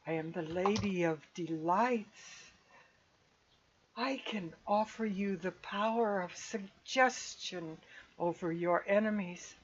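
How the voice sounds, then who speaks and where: A woman voicing a trapped female spirit who softly coaxes heroes with promises of power, in a lo-fi recording. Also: medium pitch. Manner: soft, hushed, coaxing.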